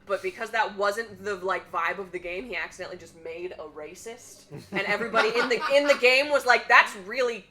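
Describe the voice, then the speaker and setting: A woman's voice: medium pitch, brisk, few pauses, pushed and bright. A woman chatting casually on a charity game stream, retelling a tabletop game story with lots of fillers and laughter. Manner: chatty, many fillers, laughs while telling stories.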